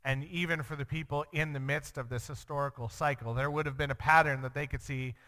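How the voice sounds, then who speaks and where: A man, a young father, teaching through a Bible passage in an earnest way, acting out the quoted lines with sudden jumps in pitch. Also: fairly even intonation, brisk, pushed and bright. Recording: long reverb.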